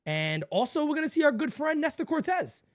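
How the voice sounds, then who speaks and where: A middle-aged man hosting a casual sports podcast, an animated storyteller who laughs often and acts out squeaky voices. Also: fairly quick. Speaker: podcast host.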